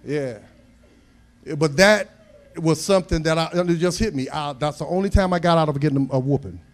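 High-voiced preacher, folksy and emphatic. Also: male voice, brisk. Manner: folksy, humorous storytelling that builds to emphatic preaching. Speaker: pastor. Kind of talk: sermon.

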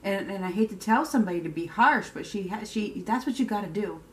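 A woman reads tarot cards in a casual, unscripted way. She is blunt and emphatic, repeats her points and tags them with "okay?", and swears without a second thought. Her voice sits at an ordinary middle pitch. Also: animated, a little fast. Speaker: tarot reader. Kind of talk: casual tarot card reading.

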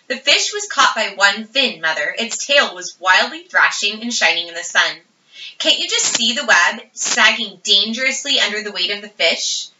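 A woman's voice: medium pitch, big pitch swings, normal speed, pushed and bright, slight background noise. Woman reading as an eager little farm girl. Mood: earnest. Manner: earnest, insistent storytelling. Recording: roomy, distant, dull audio.

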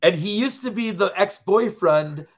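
A man's voice: sits high, expressive, measured pace. A man co-hosting a podcast in casual chat, rambling from point to point and laughing often. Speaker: podcast co-host. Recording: dull lo-fi sound.

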